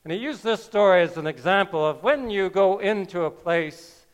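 A man preaching a sermon, telling a scripture story slowly with wry asides. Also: high voice, smooth. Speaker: pastor.

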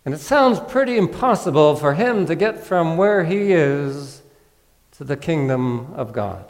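A male pastor gives a sermon in a slow, unhurried delivery, his voice sitting a little high for a man. He talks in a conversational, gently humorous way, and the sound carries a long echo through a large church hall. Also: lively intonation.

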